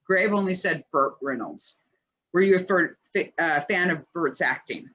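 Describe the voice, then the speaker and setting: A woman's voice: lowish voice, normal speed, fairly bright tone, slightly rough, muffled recording. A woman co-hosting a casual chat and reading listener questions, talking chattily with many "like" fillers.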